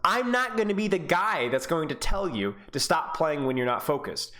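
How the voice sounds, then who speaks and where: Male game coach, animated pitch, friendly and encouraging, casual. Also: normal speed. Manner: animated, encouraging, laughs easily.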